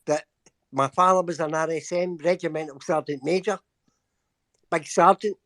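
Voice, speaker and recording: A man's voice: fairly high pitch, steady tone, normal speed, a bit bright, no echo. Scottish man, playful and talkative, dry close mic, video call. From Glasgow, Scotland. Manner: chatty, playful with local slang. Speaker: panel guest. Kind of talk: casual group video chat.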